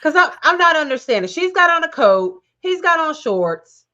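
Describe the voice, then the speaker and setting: A woman's voice: high voice, big pitch swings, moderate pace, bright, forceful tone, muffled recording. A woman guest in a casual chat, giving teasing, opinionated takes on a reality TV episode. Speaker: guest co-host.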